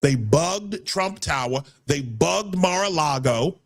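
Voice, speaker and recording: A man's voice: fairly high pitch, lively intonation, takes it slowly. A man hosting a casual political talk show, heated and rambling, often repeating words as he builds his point. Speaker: podcast host.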